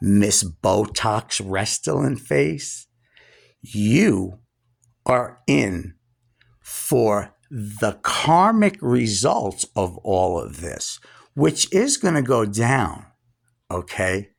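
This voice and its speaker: A man in his sixties ranting scornfully, straight into the camera, at a relative, pausing to stress his words. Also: fairly low pitch, big pitch swings, creaky. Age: 60s. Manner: scornful, drawn-out emphatic pauses. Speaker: vlogger. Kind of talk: angry direct-address rant.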